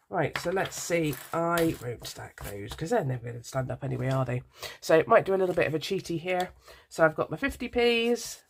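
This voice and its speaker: A chatty British woman in her thirties talks to her viewers with a stuffy, nasal voice from a head cold. She rambles and apologises, filling gaps with ums, in a slightly low voice. Coins clink faintly behind her. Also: creaky, slight background noise. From United Kingdom. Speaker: budgeting vlogger. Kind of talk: casual chat to camera while sorting coins.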